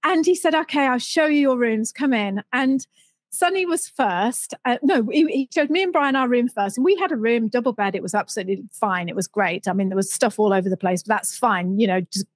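A middle-aged British woman telling an animated story with lots of laughter, acting out other people's voices. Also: a little high, brisk, no echo. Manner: animated, laughs often, acts out voices in quotes. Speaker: guest storyteller. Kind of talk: casual anecdote telling.

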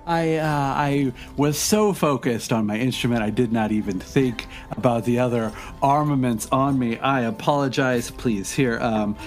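A man's voice: mid-range voice, normal speed, hardly any pauses, faint music behind, close to an everyday voice. A man playing an overly polite, wordy bard who stammers out long apologies and questions. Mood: apologetic. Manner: rambling, apologetic, stammering courtesy.

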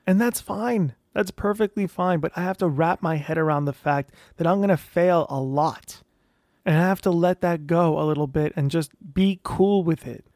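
Animated man talking close and dry. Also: on the high side, no echo. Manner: animated, self-talking, acts out quoted voices. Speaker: vlogger sharing weight-loss surgery journey. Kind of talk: casual monologue.

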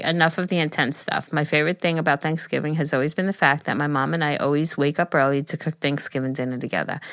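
A young woman co-hosting a casual podcast, reading listener emails aloud, emotional and quick to laugh. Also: sits low, a bit bright, no echo, studio quality. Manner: emotional, laughs easily, gushing. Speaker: podcast co-host.

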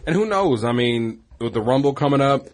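A man's voice: medium pitch, lively intonation, fairly quick. A man co-hosting a casual wrestling podcast, rambling along and often stumbling over and repeating his words. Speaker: podcast co-host.

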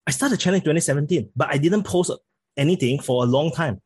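Husky-voiced man with a Singaporean accent. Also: on the high side, no room sound. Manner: halting, repeats words when starting sentences. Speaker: podcast guest. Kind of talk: casual interview chat.

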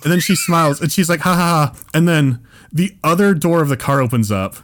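A man's voice: a little high, lively intonation, brisk. A man co-hosting a podcast, telling a story in casual chat and laughing as he goes. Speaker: podcast co-host.

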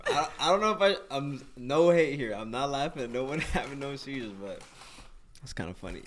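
A man's voice: mid-range voice, animated, a little fast, slight background noise. A young man hosting a podcast, answering with short reactions and easy laughs. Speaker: podcast host. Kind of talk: casual chat.

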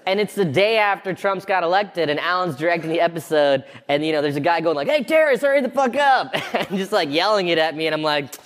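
A man's voice: on the high side, fast talker, few pauses. A man in his thirties, a comedian guest in a casual interview, telling stories with lots of laughter and acting out other people's lines. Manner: animated storyteller, acts out quoted lines, laughs often. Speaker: guest, comedian and show creator.

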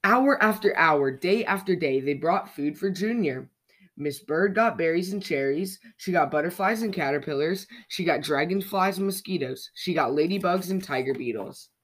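A podcast storyteller reading a children's picture book aloud with a lively, expressive delivery. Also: mid-range voice, normal speed.

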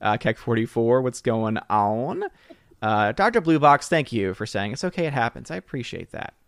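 A man's voice: mid-range voice, lively intonation, normal speed, gravelly, no echo, studio quality. A man hosting a casual live stream, greeting viewers by name and reading chat comments. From southern United States. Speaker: livestream host.

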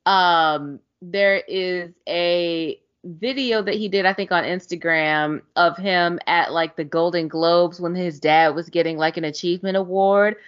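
Woman, podcast co-host, casual slangy chat, excitable, laughs a lot, muffled lo-fi sound. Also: fairly low pitch, measured pace, hardly any pauses, clean tone. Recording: dull lo-fi sound.

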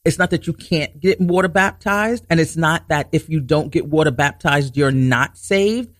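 A man hosting a Bible teaching talk show, explaining scripture earnestly, restarting sentences to stress his points and reading verses slowly. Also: on the high side, fairly even intonation, fairly bright tone, dry recording, clean studio sound. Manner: reads scripture slowly and deliberately.

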